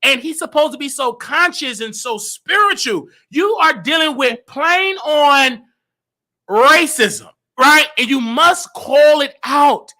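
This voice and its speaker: A man hosting a comedy show, ranting in a loud, animated way and often breaking into shouts. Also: extremely high pitch, slow. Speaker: show host. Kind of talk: comedic rant.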